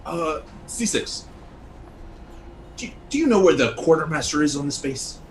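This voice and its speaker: A man's voice: fairly high pitch, lively intonation, unhurried, a little hiss or hum, rough recording. A man playing a tabletop game, joking around casually and swearing freely. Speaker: player.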